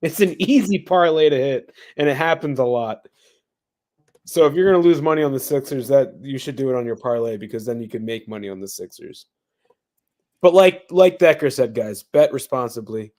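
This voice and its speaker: A man's voice: medium pitch, animated, moderate pace, a little mellow. A young man co-hosting a sports podcast, talking loosely with lots of fillers and tossing questions to his co-host. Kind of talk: casual sports chat.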